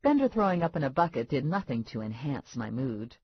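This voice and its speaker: A woman narrating an audiobook in first person, wry and expressive with deadpan asides. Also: extremely low pitch, fairly quick, husky. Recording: dull lo-fi dry audiobook recording.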